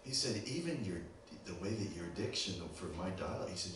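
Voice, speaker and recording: In a very echoey church sanctuary recorded from a distant mic, with background and crowd noise, a man with a fairly low voice talks fairly quickly and hardly pauses. He's a guest preacher from Pittsburgh, USA, with a Pittsburgh accent, animatedly telling a story and frequently engaging the congregation.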